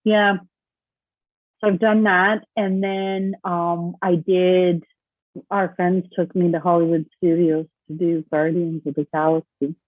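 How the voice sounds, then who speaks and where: A woman's voice: on the low side, flat delivery, a little slow, no room sound. Chatty woman on a tinny line. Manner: chatty, laughs often, acts out quoted voices. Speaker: podcast co-host. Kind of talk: casual chat. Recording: tinny phone-like remote line.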